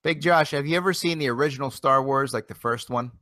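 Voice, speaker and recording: A man's voice: medium pitch, fast, no room sound. Rambling male web-show host, dry sound. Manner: rambling, repeats phrases, energetic. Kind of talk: casual live internet show chat. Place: home near Philadelphia.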